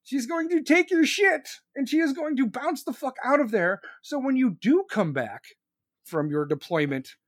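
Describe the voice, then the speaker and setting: A man's voice: very high-pitched, animated, moderate pace, dry recording. Man in his forties, angry profane rant, dry close sound. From United States. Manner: angry, crude, repeats himself. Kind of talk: profane ranting monologue.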